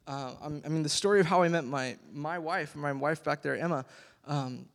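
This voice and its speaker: A man's voice: a little high, normal speed, creaky. Chatty young man preaching in reverberant hall. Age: 20s. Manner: rambling, chatty, many fillers, laughs often. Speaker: youth pastor, worship leader. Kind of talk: casual youth sermon.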